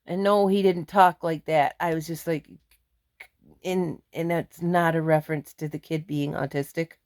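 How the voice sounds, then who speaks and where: A middle-aged woman vents angrily in a vlog rant, blunt and emphatic. Her voice is deep and a little mellow, with fairly even intonation and a moderate pace. The sound is clean studio audio with no echo.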